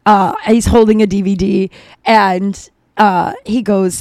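A woman's voice: mid-range voice, fairly even intonation, slow pace, darkish tone, no echo. A woman in her thirties tells a long, wandering story on her podcast. Her chat is casual and full of asides and filler words. The recording is dry, with no room sound. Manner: chatty, rambling, lots of "like" and asides. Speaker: podcast host.

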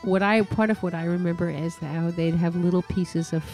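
Mellow reflective psychologist. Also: mid-range voice, steady tone, normal speed, faint music behind. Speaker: psychologist, interview guest. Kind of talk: interview answer.

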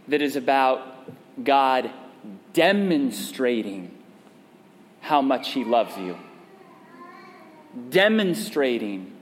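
A man's voice: medium pitch, in a large hall. A male pastor preaching a conversational sermon and prompting the congregation to respond. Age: adult parent.

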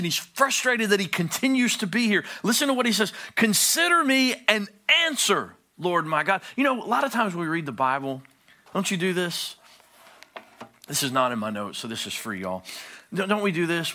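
A male pastor preaching a sermon, swinging from hushed low phrases to loud, high-pitched pleading.

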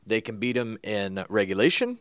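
A man's voice: fairly low pitch, sing-song, moderate pace, smooth, dry recording. A man co-hosting a sports podcast, explaining in a matter-of-fact way with dry humor. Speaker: podcast co-host. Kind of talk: casual sports podcast chat.

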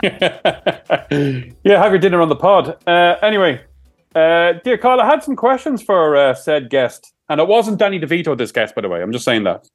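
A man co-hosting a podcast in loose, teasing banter, laughing and swearing as he goes. His pitch sits a touch high and swings about a lot. Faint music plays underneath. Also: sing-song, moderate pace. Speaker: podcast co-host.

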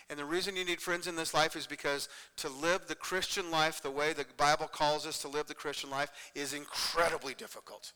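A pastor giving a conversational sermon to a congregation, earnest and repetitive, often checking in with "okay?". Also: male voice, on the high side, steady tone, a little fast, pushed and bright, smooth, big-room sound, low-quality recording.

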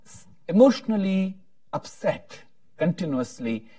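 A man moderating a panel discussion, speaking haltingly with frequent restarts. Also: high voice, very animated, warm tone, dry recording, recorded from a distance. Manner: halting, many restarts, tells a joke with voices.

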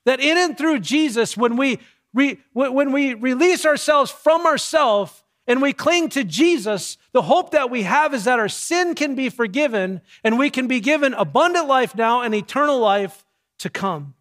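A man, a pastor with young kids, preaching a sermon with emphatic, measured delivery and dramatic pauses. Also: very high voice, lively intonation, fairly bright tone.

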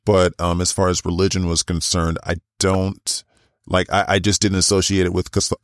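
A man's voice: low voice, completely flat delivery, moderate pace, dry recording, studio quality. A man hosting a podcast who introduces the episode and chats with a guest in a gushing, chatty way, full of fillers. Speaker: podcast host. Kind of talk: podcast intro and interview chat.

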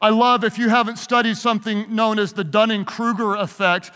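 Pastor guy with a really high bright voice, playful call-and-response talk, big echoey hall. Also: level tone, fairly quick, smooth. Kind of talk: leadership talk to a live audience. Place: large hall with an audience. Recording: long hall reverb.

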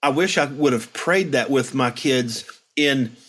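A man's voice: medium pitch, a little slow, fairly bright tone. A middle-aged man in casual chat, reflectively telling stories and acting out quotes. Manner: reflective, storytelling with acted-out quotes. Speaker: podcast host.

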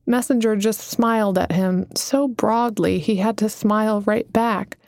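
A woman narrating a novel in a gentle, even storytelling voice. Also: medium pitch, normal speed, hardly any pauses, no echo, clean studio sound. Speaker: audiobook narrator. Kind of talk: scripted narration.

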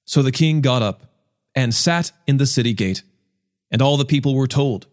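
A man reading scripture aloud in a measured, expressive way as the show's regular reader. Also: mid-range voice.

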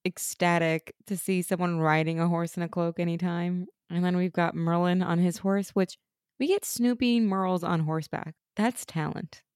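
A woman co-hosts a casual rewatch podcast, discussing a TV episode with strong opinions, frequent laughter and the occasional swear word. Her voice is on the low side, darkish, clear and resonant, with fairly even intonation and a moderate pace. The studio sound is clean, with no room sound.

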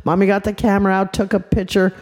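An older woman, a grandmother, narrating a children's story in an animated, chatty way, full of asides. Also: mid-range voice, quick pace.

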